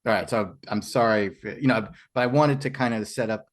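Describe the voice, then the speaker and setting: Man, podcast host, lowish voice, hesitant and brief. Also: fairly quick. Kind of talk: casual film discussion.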